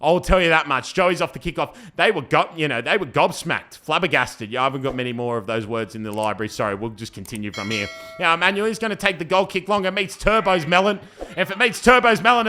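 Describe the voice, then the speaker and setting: A young man giving playful, joking commentary over his own amateur football match, breaking into excited shouts. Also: fairly high pitch, a little hiss or hum. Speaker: football commentator and team player.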